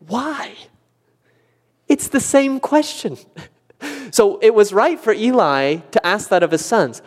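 A man preaching a sermon, animated and acting out quoted questions with a rising voice. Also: sits high, takes it slowly, long pauses. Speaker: pastor. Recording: long church reverb.

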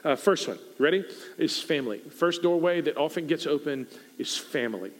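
A man preaching a sermon as pastor, in a relaxed conversational way, acting out everyday chats. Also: a little high, moderate pace, in a large hall. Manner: conversational, acts out quoted chats.

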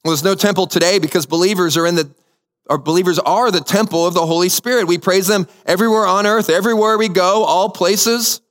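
A man's voice: sits high, a little fast, a bit bright, big-room sound. A man preaching a sermon as pastor, telling a story and repeating key phrases for emphasis. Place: church sanctuary.

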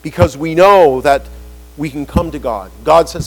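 A man delivering a sermon, his voice sitting high for a man. He preaches with animation, putting on the voices he quotes and pushing key lines upward for emphasis. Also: unhurried, soft background music, low-quality recording.

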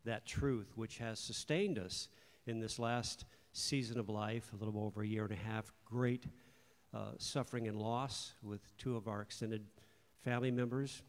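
An older man giving an earnest, measured testimony of thanks in a church service. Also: lowish voice, steady tone. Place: church sanctuary. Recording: long church hall reverb.

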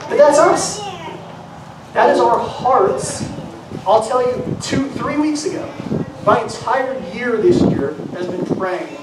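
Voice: mid-range voice, lively intonation, slow pace. A pastor preaching an earnest sermon in a church sanctuary, repeating key phrases for emphasis. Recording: very echoey hall, mic far off, noisy.

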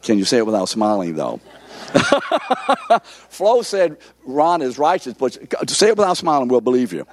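A man's voice: mid-range voice, big pitch swings, moderate pace. A man in his seventies, a pastor giving an interactive sermon who keeps asking the congregation questions.

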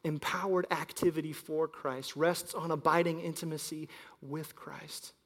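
High-voiced man preaching in a big hall. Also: steady tone, unhurried. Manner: storytelling preacher, shifts between loud emphasis and quiet. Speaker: pastor. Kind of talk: sermon. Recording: long hall reverb.

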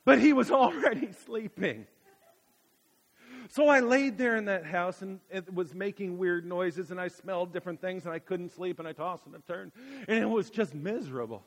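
A man delivers a sermon in a high voice, telling stories dramatically. He drops to a hush, then bursts out loud. The sound carries a long reverb. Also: normal speed, creaky. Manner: dramatic storytelling, swings from hushed to loud. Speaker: preacher.

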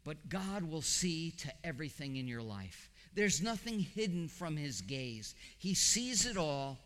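A man preaching a sermon as pastor, swinging from high emphatic questions down to low, quiet reassurance. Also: sing-song, measured pace, in a large hall.

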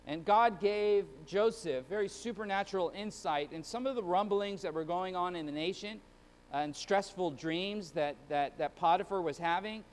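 A male pastor with a high-pitched voice preaches an earnest sermon, often tripping over and repeating his words. His voice rings with a long reverb through a large church hall. The delivery is heartfelt and unscripted. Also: normal speed.

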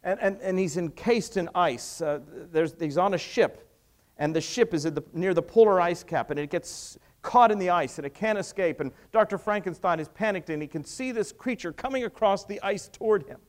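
A man preaching a sermon, retelling stories dramatically and swinging between hushed and raised delivery. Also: high-pitched, moderate pace.

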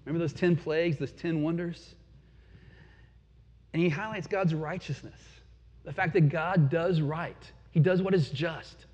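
A man preaching a sermon in an earnest, reflective way, asking the listeners questions and dropping to quiet pauses. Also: fairly high pitch, breathy edge. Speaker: pastor. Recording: dull lo-fi sound with long hall reverb.

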